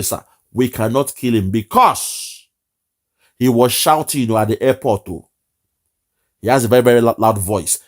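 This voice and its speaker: A man's voice: medium pitch, a little mellow. A man giving an impassioned political monologue, repeating phrases and slipping into pidgin. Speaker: political commentator.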